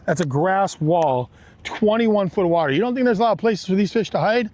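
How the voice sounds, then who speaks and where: A man hosting a live fishing stream from a boat on a lake, talking excitedly to his viewers. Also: sits high, a little fast, a little hiss or hum. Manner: excited, exclamatory, talks straight to viewers. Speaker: fishing livestream host.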